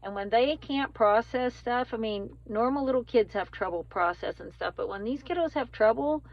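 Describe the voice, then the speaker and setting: A woman's voice: fairly high pitch, moderate pace. Chatty woman vlogging from her car. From Texas, US. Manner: candid, chatty, rambling with many ums. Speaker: family vlogger. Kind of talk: casual vlog chat. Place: in a car, driving in rain. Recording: slightly dull lo-fi phone audio.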